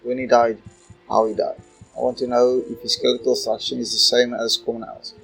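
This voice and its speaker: A man voicing an eager old male church archaeologist, reading the lines aloud in a flat way. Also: mid-range voice, fairly quick, creaky, slightly rough, faint music behind, rough recording.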